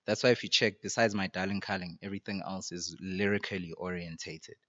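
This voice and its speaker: A man's voice: deep voice, fairly even intonation, brisk, fairly bright tone, lo-fi sound. A man with a South African accent, a rapper, chatting casually and performing his verses, mixing slang with Sesotho and laughing often. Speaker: rapper guest. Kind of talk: casual chat and rap performance.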